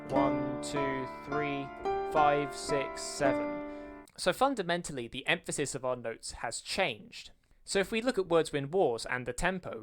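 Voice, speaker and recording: Music-analysis presenter, mid-pitched, counts and sings beats to explain, soft music underneath. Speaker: music analysis video creator. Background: faint music playing.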